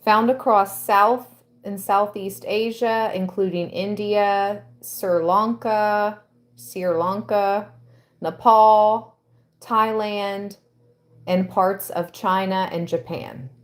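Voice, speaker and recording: A woman giving a tarot reading to her viewers, reading aloud and musing with soft exclamations. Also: mid-range voice, fairly even intonation, slow. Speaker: tarot reader.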